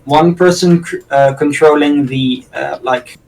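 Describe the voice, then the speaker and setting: A man's voice: fairly high pitch, a little slow, gravelly, a little mellow, recorded from a distance, rough recording. Chatty young-sounding man rambling over gameplay. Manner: rambling, laughs often, self-deprecating. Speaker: gaming channel host. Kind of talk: casual co-op gameplay chat.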